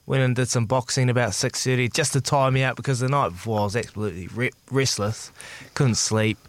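Easygoing Kiwi male co-host, mid pitch, close dry studio read. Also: fairly even intonation, a little fast, no room sound. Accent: New Zealand. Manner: laid-back, calls everyone mate. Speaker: breakfast radio co-host. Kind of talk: casual radio banter. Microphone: studio mic, dry.

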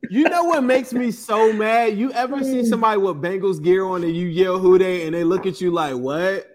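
Give me an excitable male podcast host with a fairly high voice. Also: brisk. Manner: excitable, laughs often, playful. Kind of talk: casual chat.

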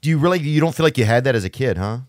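A man in casual conversation, earnest and halting, leaning hard on "like" as he talks. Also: medium pitch, expressive, no echo, studio quality. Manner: halting, earnest, heavy use of "like".

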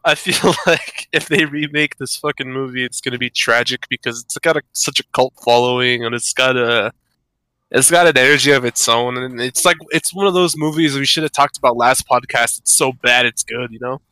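A man's voice: medium pitch, moderate pace, bright, forceful tone, dry recording. A man co-hosting a podcast in casual, rambling chat, swearing freely and laughing often. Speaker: podcast co-host.

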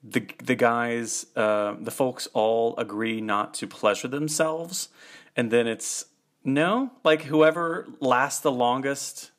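A man's voice: medium pitch, steady tone, takes it slowly. A man co-hosting a podcast in casual chat, rambling and correcting himself as he goes. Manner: rambling, self-correcting, chuckling. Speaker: podcast co-host.

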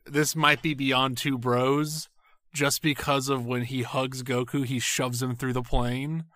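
A man's voice: medium pitch, flat delivery, a little slow, pushed and bright, no room sound, clean studio sound. A man co-hosting a podcast, talking in a rambling, profane way with lots of filler words. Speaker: podcast co-host. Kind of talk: casual anime recap chat.

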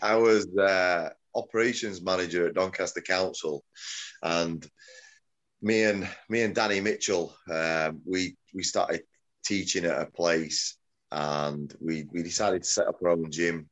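A middle-aged man talks loosely through his story as an interview guest. His voice sits a little low, and he often restarts his sentences and chuckles along the way. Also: steady tone, measured pace, fairly bright tone. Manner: rambling, self-correcting, chuckling. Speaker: MMA promoter, guest. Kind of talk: casual interview chat.

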